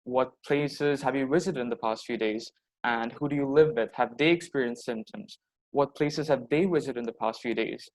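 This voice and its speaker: A teenage boy giving a persuasive pitch presentation over a video call, often checking in with "all right?". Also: rough recording. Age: teens. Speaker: student presenter.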